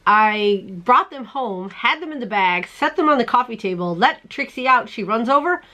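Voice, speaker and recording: A woman hosting a crafting channel, telling stories in a casual chat, animated and quick to laugh as she acts out her own panic. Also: fairly high pitch.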